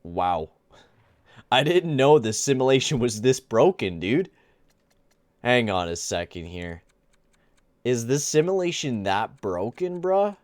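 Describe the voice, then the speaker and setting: A man's voice: medium pitch, sing-song, takes it slowly, long pauses, dry recording, studio quality. A young man giving casual gameplay commentary, rambling and exasperated, full of slang like "dude" and "bruh". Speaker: gaming channel host.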